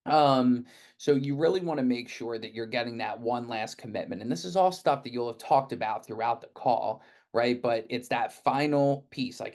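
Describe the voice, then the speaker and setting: A middle-aged man giving a casual sales training talk, full of "right?" check-ins and quick acted-out client replies. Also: mid-range voice, a little mellow. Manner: conversational, leans on frequent "right?" check-ins.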